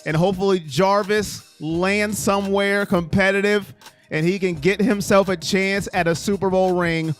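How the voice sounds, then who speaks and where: A man with a slightly high voice hosts a casual live stream. He rambles and reacts to viewers' chat messages as they come in. Faint music plays behind him.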